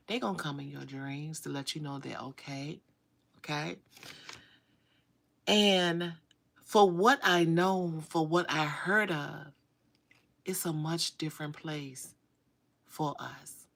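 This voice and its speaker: A middle-aged woman hosts a casual livestream, greeting viewers with terms like baby and sugar. Her voice sits low, with a gravelly, fry-edged texture. She talks in an animated, drawling manner, close to a phone mic. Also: slow, long pauses. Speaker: livestream host.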